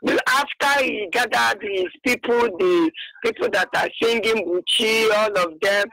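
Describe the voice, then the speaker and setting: Gravelly woman caller. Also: fairly high pitch, a little slow, fairly bright tone, dry recording, poor audio. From Abakaliki, Nigeria. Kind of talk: phone-in call.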